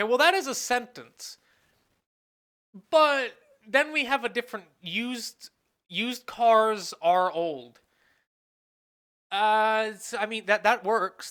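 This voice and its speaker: A professor lectures in a lively, bright voice whose pitch rises and falls widely. They think aloud, pose questions to the class and answer them, and stop to restate phrases mid-sentence. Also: measured pace. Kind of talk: recorded lecture at a whiteboard.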